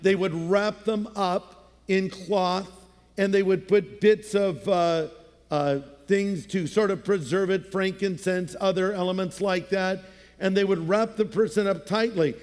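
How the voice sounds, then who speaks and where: High-voiced pastor preaching in a hall. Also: male voice, steady tone, a little slow, a little mellow. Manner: conversational storytelling with playful voices. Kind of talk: sermon.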